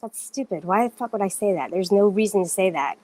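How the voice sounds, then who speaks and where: A woman's voice: medium pitch, lively intonation, fairly quick, darkish tone, dry recording. A woman on a casual livestream, talking straight to viewers in an indignant, defensive way, stressing her denials.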